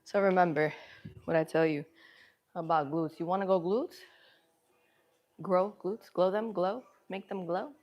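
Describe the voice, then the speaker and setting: A woman's voice: lowish voice, a little slow, long pauses, dull audio. A woman live-streaming her workout, chatting casually with viewers between sets, laughing often and out of breath, with a runny nose. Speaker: fitness livestreamer. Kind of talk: casual live-stream chat while exercising.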